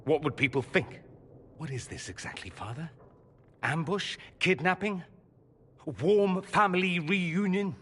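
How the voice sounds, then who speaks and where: An actor playing a proud, sarcastic male mage confronting the father he is estranged from, with a husky voice and a cutting manner. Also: sits high, unhurried, a bit bright, big-room sound. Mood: wry. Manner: sarcastic, cutting, rising to anger. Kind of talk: game character dialogue.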